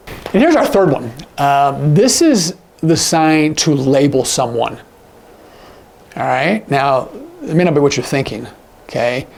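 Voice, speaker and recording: A man teaching sign language in a casual, animated way, acting out example lines with big jumps in his voice. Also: on the high side, measured pace, vocal fry, a little hiss or hum. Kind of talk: casual instructional talk.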